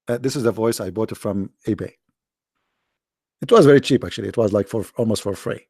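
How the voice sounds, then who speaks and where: A man hosts a live call-in debate, mocking and sarcastic, with his voice worn out after hours of talking. His tone is dark and gravelly, and the sound is dry and close. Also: on the low side, fairly quick, no echo. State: tired, worn-out voice.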